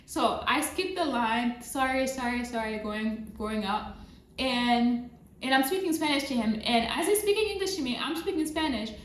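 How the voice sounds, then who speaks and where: Woman vlogger, casual storytime, lively and repetitive, fairly high voice, roomy echo. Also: moderate pace. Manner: animated retelling, repeats phrases for emphasis. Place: near a road with passing cars. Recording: roomy sound with faint traffic noise. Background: passing traffic.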